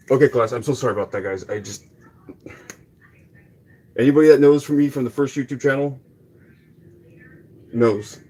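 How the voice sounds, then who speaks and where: A man's voice: medium pitch, moderate pace, long pauses, darkish tone. A man live-streaming to his paid class, talking in an agitated way with lots of swearing and repeated apologies to his viewers. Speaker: livestreamer teaching a paid online class.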